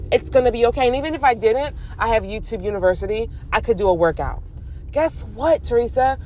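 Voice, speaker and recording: A young woman and mom vlogger, driving while she gives an animated, chatty motivational talk. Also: high-pitched. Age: young adult. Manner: animated, chatty, preachy encouragement. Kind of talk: casual motivational talk to camera. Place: in a car, driving.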